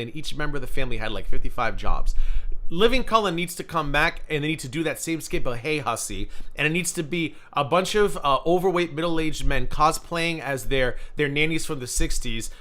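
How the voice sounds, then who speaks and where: A man's voice: mid-range voice, pushed and bright. A man hosting a live reaction stream, talking casually and sarcastically, laughing often and swearing freely. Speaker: livestream host.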